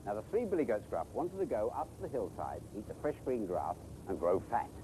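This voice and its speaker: A man's voice: fairly low pitch, very animated, fairly quick, background noise. A man presenting children's TV, telling a story in a playful sing-song way outdoors by a pond.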